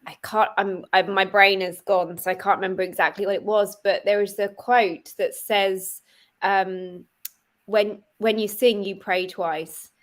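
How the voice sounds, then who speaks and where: A woman's voice: medium pitch, steady tone, unhurried. A woman speaking as a guest angel therapist in a casual chat over a video call, affirming others and often murmuring agreement.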